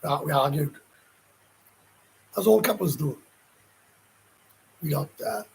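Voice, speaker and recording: A gruff Welsh man hosting a livestream, his fairly high voice rough and gravelly. He rambles bluntly through viewer comments in casual chat, swearing often and restarting sentences. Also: animated, slow pace, darkish tone, low-quality recording. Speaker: livestream host.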